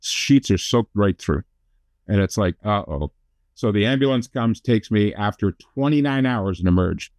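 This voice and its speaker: As a talk-show guest, a middle-aged motivational speaker from Canada recounts his life with self-deprecating humor and quick asides. His voice is fairly low and a little mellow, recorded dry.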